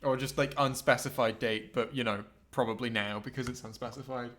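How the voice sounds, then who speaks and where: A man chatting on a livestream as co-host, excitable and quick to laugh, tripping over his words as he pitches ideas for a script. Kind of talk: casual livestream chat, improvising a script.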